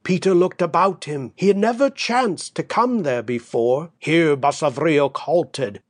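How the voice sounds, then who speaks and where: A man narrating a classic story as an audiobook, measured and deliberate. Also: a little high, no echo, clean studio sound. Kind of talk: scripted narration.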